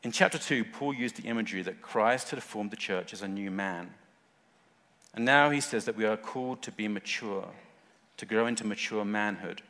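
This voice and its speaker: A man's voice: on the low side, moderate pace, sharp tone. A man preaching a sermon in short, earnest phrases, rising at times to fervent emphasis. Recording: long hall reverb.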